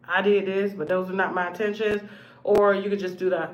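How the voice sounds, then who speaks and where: Talking fast in a mid-range voice, the host of her own show delivers blunt, profane remarks. The monologue is casual, lurching from loud outbursts to quiet asides.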